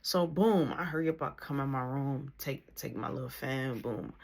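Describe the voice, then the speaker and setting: A woman telling a family story casually, slangy and animated, acting out the people in it. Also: rumbling low, moderate pace, gravelly.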